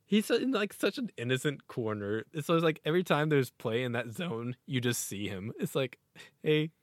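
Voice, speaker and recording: A man co-hosting a podcast in casual chat, rambling excitedly and laughing often. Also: medium pitch, normal speed, no room sound, studio quality. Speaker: podcast co-host.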